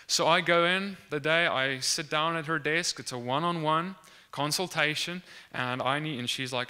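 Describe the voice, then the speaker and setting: A young man recounts a faith testimony in a very bright, crisp, clear voice. He tells it earnestly and acts out the dialogue, restarting his sentences as he goes. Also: fairly high pitch, moderate pace. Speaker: student sharing a faith testimony. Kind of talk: animated testimony storytelling.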